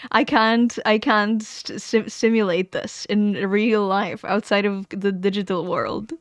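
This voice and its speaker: Giggly rambling woman streamer, smooth voice. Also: fairly high pitch, fairly even intonation, measured pace, few pauses, dry recording, clean studio sound. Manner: rambling, giggly, self-correcting. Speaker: live streamer. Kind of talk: casual livestream chat. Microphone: streaming microphone.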